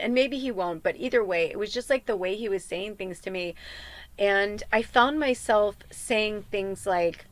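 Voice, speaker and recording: A woman's voice: mid-range voice, moderate pace, no room sound. A middle-aged woman hosting a casual tarot reading podcast, talking in a rambling, heartfelt way full of fillers and asides. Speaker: tarot reader and podcast host.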